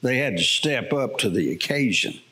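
A man's voice: mid-range voice, expressive, normal speed, pushed and bright. Folksy farmer preacher man. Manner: folksy storytelling with laughs. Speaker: pastor. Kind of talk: sermon. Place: church.

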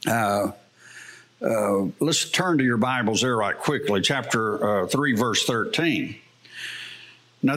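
A man's voice: medium pitch, a bit bright. A man preaching a sermon in church, telling folksy stories with a farmer's plain talk and frequent chuckles. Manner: folksy storytelling with laughs. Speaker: pastor.

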